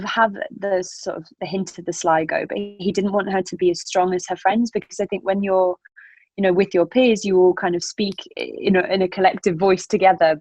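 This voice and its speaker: A young woman talks as a podcast guest, rambling warmly through her thoughts with many ums and restarts. Her voice sits on the low side for a woman. The sound is dry and close, with no room around it. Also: no room sound, poor audio. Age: young adult. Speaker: actress guest. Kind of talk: casual interview chat.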